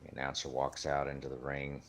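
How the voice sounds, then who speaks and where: A man narrating a tabletop game as game master in a relaxed way. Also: extremely low pitch, fairly quick, faint music behind.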